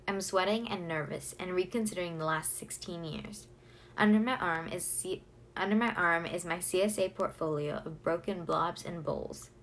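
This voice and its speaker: A woman reads a novel aloud in the first person, expressive and lively. Her voice is on the lower side, with a faint hum of room ambience underneath. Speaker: audiobook reader.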